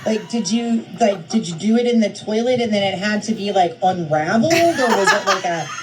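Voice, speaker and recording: A woman's voice: medium pitch, animated, brisk, far from the mic, a little hiss or hum, rough recording. A woman chatting casually, giggly and incredulous. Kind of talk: casual chat.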